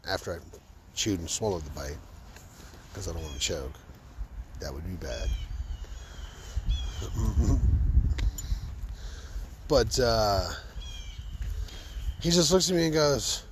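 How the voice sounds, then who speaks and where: A man's voice: fairly low pitch, lively intonation, slow, long pauses, slight background noise. A man in a casual comedic monologue, hosting his own show, sarcastic and laughing at his own stories. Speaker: podcast host.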